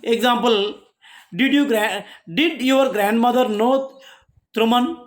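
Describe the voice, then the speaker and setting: A college lecturer with an Indian English accent teaches a grammar lesson, often halting and restarting sentences while explaining each example. The voice is mid-range.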